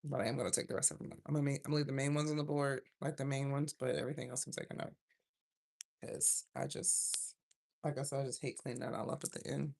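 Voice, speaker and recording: A woman running a casual tarot livestream, chatting and rambling as she pulls cards. Her voice has a gravelly, creaky edge. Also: very deep voice, level tone, fast, a little mellow. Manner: rambling, chatty, self-interrupting. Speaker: tarot reader.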